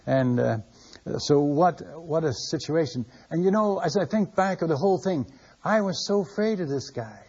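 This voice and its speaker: A man's voice: fairly high pitch, animated, normal speed, a little mellow, slightly rough. An older man and missionary preacher, telling stories in a folksy, conversational sermon style with a chuckle in his voice. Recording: dull lo-fi sermon recording.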